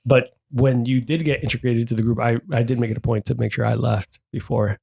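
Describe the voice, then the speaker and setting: A man's voice: mid-range voice, brisk, gravelly, breathy edge. A man hosting a podcast, telling rowdy stories in casual chat, swearing freely and acting out quotes. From Dominican heritage. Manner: animated storyteller, swears freely, acts out quotes. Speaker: podcast host.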